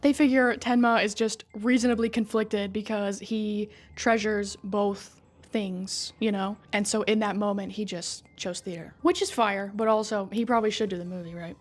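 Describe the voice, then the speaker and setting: A woman retelling a story in a casual, chatty recap, swearing freely and filling her talk with "like" and "right?". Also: medium pitch. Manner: chatty and profane, full of "like" and "right?". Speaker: video creator recapping a game story.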